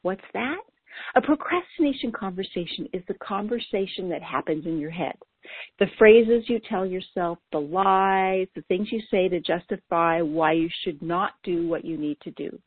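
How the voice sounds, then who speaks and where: A woman coach talks listeners through their own habits in an earnest, lightly playful scripted delivery. Her voice sits a bit low. The sound is dry and tinny, like a phone line. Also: moderate pace, husky, no room sound. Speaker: ADHD coach.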